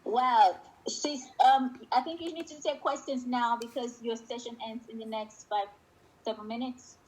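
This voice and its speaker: High-voiced woman moderating a video call. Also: fairly even intonation, measured pace, rough recording. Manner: warm praise, fillers like "uh". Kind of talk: hosting a virtual session.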